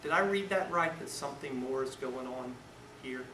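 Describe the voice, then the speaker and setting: A man, a defense lawyer, teaching a seminar with animated storytelling, acting out scenes and swinging between loud and hushed talk. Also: medium pitch, moderate pace. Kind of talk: lecture with storytelling. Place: lecture room. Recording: echoey room, far mic, noisy.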